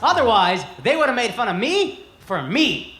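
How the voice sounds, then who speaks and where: A man's voice: very high voice, sing-song, moderate pace, music in the background. Brash profane man doing stand-up. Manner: brash, profane, punchy delivery. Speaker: stand-up comedian. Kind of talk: stand-up comedy set. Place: comedy club stage. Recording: roomy live club recording with crowd noise. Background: loud audience laughter.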